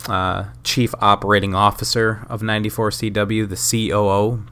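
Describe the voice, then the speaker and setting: Low-voiced, profane, self-mocking podcaster. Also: male voice, little pitch movement, moderate pace, bright, forceful tone, clean tone. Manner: casual, profane, self-mocking, lots of fillers. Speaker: podcast host. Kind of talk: casual solo podcast narration of a wrestling sim game.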